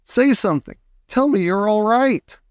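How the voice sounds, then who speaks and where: A frantic, wailing mother with shrill, high cries, put on by a man reading aloud. The recording is dry and close. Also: expressive, a little slow, clear, resonant tone, dry recording. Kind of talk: audiobook character voice.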